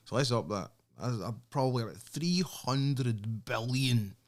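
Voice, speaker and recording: A man with a Scottish accent hosting a solo podcast, sardonic and sweary, often breaking into laughter. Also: on the low side. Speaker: podcast host.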